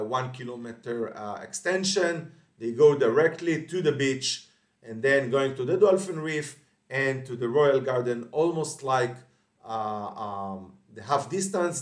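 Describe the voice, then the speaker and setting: A man's voice: medium pitch, far from the mic. Man giving a hesitant race briefing in an echoey room. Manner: hesitant, many fillers and self-corrections.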